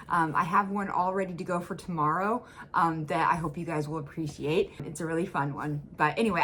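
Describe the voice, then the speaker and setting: An American woman chatting casually as she hosts a reaction video, often filling pauses with um and like, recorded at home on a desk mic. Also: on the low side, a bit bright, slight background noise. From United States. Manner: chatty, hedging with many ums and likes.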